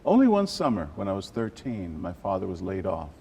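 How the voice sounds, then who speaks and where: An older man from South Texas, an animated storyteller who drops Spanish phrases into his answers during an interview. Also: sits low, brisk, gravelly, slight background noise. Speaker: journalist guest.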